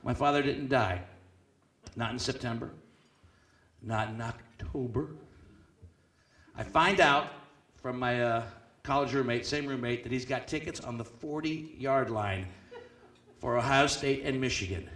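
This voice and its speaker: A man emceeing a live event, telling a comic story with loud animated bursts and hushed deadpan asides. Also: mid-range voice, a little slow, pauses often. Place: banquet hall at a club event. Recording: echoey hall, distant mic.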